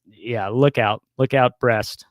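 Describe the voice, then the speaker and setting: Brief: relaxed male betting podcast co-host, jokey and chatty, dry close mic. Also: medium pitch, takes it slowly, no room sound. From United States. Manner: laughing, joking, easygoing. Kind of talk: casual sports betting chat.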